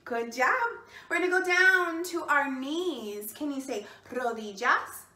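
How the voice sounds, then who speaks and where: A woman's voice: sits high, animated, slow, bright, forceful tone, roomy sound. A woman hosting a bilingual children's storytime, cheerful and encouraging, who asks the children to repeat words after her while she sits indoors. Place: indoors, seated.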